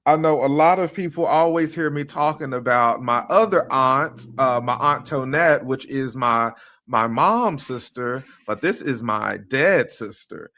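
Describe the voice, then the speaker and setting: A man's voice: medium pitch, a little slow, pushed and bright. A man hosting a podcast, introducing his guest casually, hesitant and full of fillers. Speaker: podcast host.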